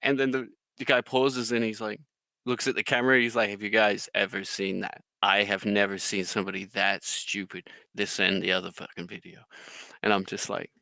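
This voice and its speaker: A man casually telling stories with lots of swearing, now and then acting out quotes in a loud, high voice. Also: little pitch movement, moderate pace, vocal fry, dry recording. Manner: swears a lot, acts out quotes in a loud high drill-sergeant voice. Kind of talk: casual chat.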